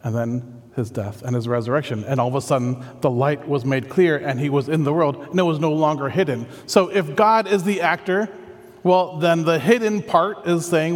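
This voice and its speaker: Man, pastor giving a sermon; slightly high voice, earnest and chatty, with a long hall echo. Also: moderate pace. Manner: earnest, conversational, thinking aloud.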